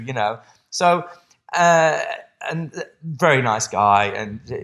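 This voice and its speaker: A man's voice: medium pitch, lively intonation, slow, fairly bright tone. Rambling male strength coach guest. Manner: rambling, restarts often, quotes himself. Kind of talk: casual podcast conversation.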